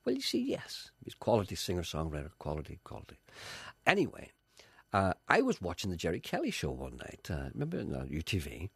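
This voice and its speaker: A man's voice: sits low, brisk, gravelly, breathy edge, no room sound. A man presenting a radio show and telling anecdotes in a chatty way, acting out the voices of the people in his stories. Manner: animated, acts out voices in anecdotes.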